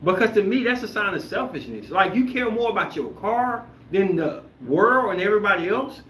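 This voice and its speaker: Guy hosting a chat show, bright forceful voice, kinda highish, rambles, roomy echo. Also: moderate pace, slight background noise. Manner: animated, emphatic, rambling. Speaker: podcast host. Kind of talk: casual chat reacting to viewer comments. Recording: roomy echoey room.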